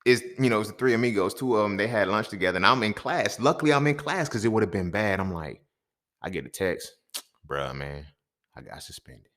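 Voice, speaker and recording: Male podcast host, low-pitched and very expressive, profane storyteller who swings between shouting and muttering. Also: fast talker. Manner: animated and profane, swinging between loud outbursts and muttered asides. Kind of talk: storytelling monologue.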